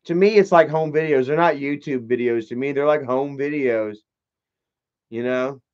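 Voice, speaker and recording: A man's voice: mid-range voice, normal speed, a little mellow. A young man chatting on a livestream, rambling and swearing, full of "you know" fillers. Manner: rambling, profane, many fillers. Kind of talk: casual livestream chat. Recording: dull lo-fi stream audio.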